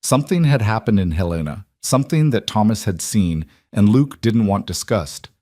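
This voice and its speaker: Brief: male narrator, low, measured, dry close recording, frontier story. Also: lively intonation, mellow, no echo. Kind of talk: scripted Western story narration.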